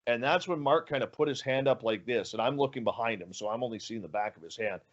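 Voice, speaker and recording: A man's voice: mid-range voice, fast talker, lo-fi sound. A man telling a story as a guest in an interview, acting out the dialogue with animation. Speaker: guest, radio show host.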